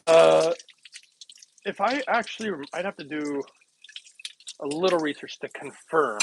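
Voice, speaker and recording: A man hosting a casual health livestream, rambling and joking with viewers, laughing often while making a smoothie in his kitchen. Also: fairly high pitch, unhurried, background noise.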